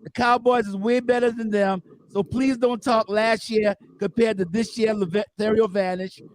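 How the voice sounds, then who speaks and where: A male host of an online sports talk show, bantering loudly and reading out viewer comments. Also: high-pitched, fairly even intonation. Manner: loud, joking, quick to banter. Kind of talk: casual sports chat.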